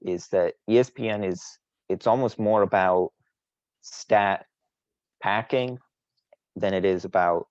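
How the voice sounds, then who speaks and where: On a casual podcast, a co-host with a very low voice talks fantasy baseball, bragging and teasing his friends. He speaks at a measured pace with long pauses, rambling and restarting sentences. The close-miked audio sounds dull and dry.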